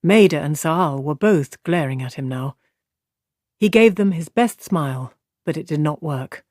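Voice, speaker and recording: A man narrating a fantasy audiobook in an even, measured way. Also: on the high side, dry recording, studio quality.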